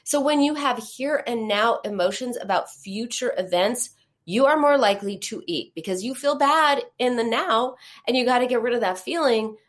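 A woman's voice: fairly high pitch, moderate pace. A woman who leads a support group on emotional eating, talking casually in a live stream and answering viewer comments in a reassuring, conversational way, with fillers and repeated words.

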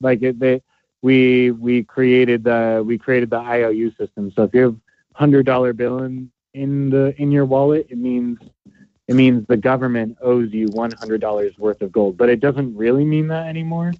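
A man's voice: mid-range voice, fairly even intonation, normal speed, narrow, tinny audio. A man in a casual conversation, explaining his views plainly with frequent fillers.

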